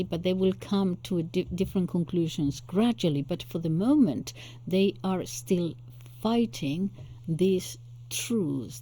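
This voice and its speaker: A woman's voice: lowish voice, mellow, husky. A woman host giving unscripted solo commentary, thinking aloud as she muses and searches for words. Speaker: channel host.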